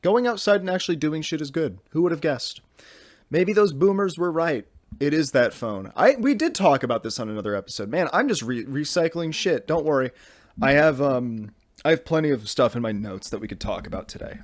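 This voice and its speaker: A man's voice: medium pitch, no room sound. A young man hosting a podcast from his bedroom, rambling casually with lots of fillers and restarts. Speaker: podcast host.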